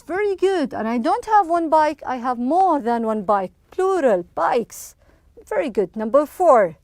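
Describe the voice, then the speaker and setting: A woman teaching English to young children in an online lesson, slow and encouraging, with frequent praise. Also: sits high, expressive, a little mellow, dry recording, studio quality.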